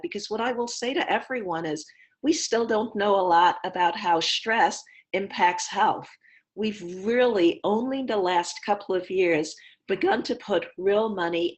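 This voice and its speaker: A woman physician on a video call, explaining health advice in a clear, patient, teacherly way. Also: fairly low pitch. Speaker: physician guest.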